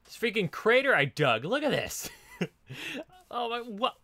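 A man's voice: high-pitched, big pitch swings, measured pace, bright, forceful tone, no room sound. A man hosting a let's play, chatting casually and laughing often while he explores and digs. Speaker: gaming channel host.

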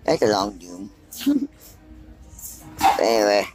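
Guy vlogging on his phone in a store, talks slow and rambly, just thinking out loud, faint music behind. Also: lowish voice, huge pitch swings, rough recording. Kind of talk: casual walk-and-talk vlog. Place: inside a large store. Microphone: handheld phone.

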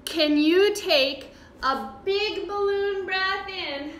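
A kids' yoga teacher guides a class of children, cheerful and encouraging in a sing-song manner. Her voice is extremely high-pitched, very slow and a bit bright, with slight background noise and a roomy, distant echo.

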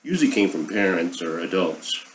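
A man's voice: sits low, very animated, moderate pace, a little hiss or hum, rough recording. A middle-aged man hosting a casual monologue, rambling and sarcastic as he airs his opinions. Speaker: podcast host.

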